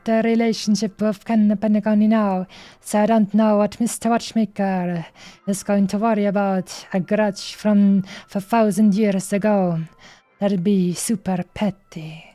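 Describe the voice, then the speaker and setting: A woman's voice: medium pitch, warm tone. A woman streamer reading game dialogue aloud in a playful way, stopping often on fillers as she goes.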